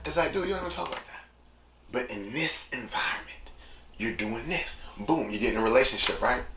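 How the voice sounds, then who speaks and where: A man's voice: mid-range voice, animated, fairly quick, bright, forceful tone. A man hosting a casual solo podcast, talking loosely and slipping into voices when he quotes people. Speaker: podcast host. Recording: echoey room with noticeable background noise.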